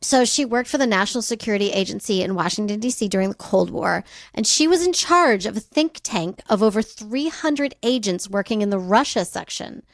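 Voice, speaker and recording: A woman co-hosting a podcast, telling a story in casual chat, animated and often laughing. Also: mid-range voice, a little fast, few pauses, no echo, clean studio sound. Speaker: podcast co-host.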